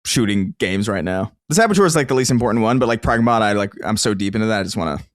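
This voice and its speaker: Man, podcast co-host, lively pitch, halting restarts, dry sound. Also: dry recording. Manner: animated, hesitant restarts. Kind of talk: casual chat.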